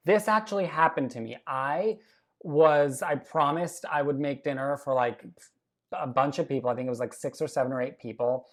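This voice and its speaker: A brash woman walks viewers through a recipe with a low-pitched voice. She swears freely and jokingly insults her audience. Her delivery stays casual and chatty. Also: normal speed. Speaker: cooking show host. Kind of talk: casual cooking demonstration.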